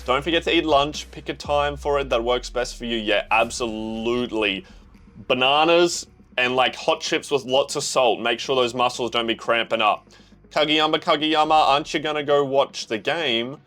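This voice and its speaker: Australian accent, young man, excitable slangy reaction chat, mid-pitched voice, faint music behind. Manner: excitable, slangy, talks to himself and the viewer. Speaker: manga reaction host. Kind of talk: casual reaction commentary.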